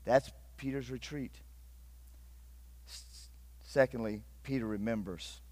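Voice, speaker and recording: A middle-aged man from Northeast Ohio preaching a sermon, swinging between loud urgent bursts and hushed, intimate passages. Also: mid-range voice, slow, dry recording. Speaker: pastor.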